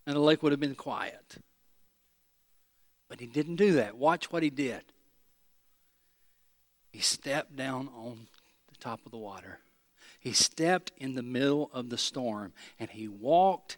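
Animated preaching man, fairly high voice. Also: measured pace. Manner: animated preaching, swinging from loud emphasis to hushed low delivery; repeats phrases, talks directly to the congregation. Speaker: pastor. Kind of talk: sermon.

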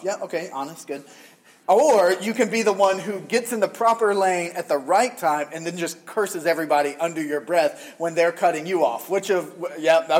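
A middle-aged man from the American South delivers a sermon in a loose, conversational way, teasing his congregation as he goes. His voice sits slightly higher than most men's. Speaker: pastor.

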